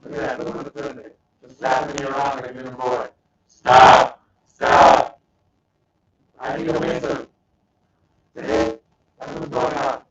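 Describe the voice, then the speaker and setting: A man's voice: medium pitch, flat delivery, a little fast. Goofy man on a muffled, echoey stream mic. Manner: goofy, apologetic about his audio, reads tweets aloud. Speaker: host. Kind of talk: casual live-stream chat. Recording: roomy, muffled, distant home-stream mic with faint background noise.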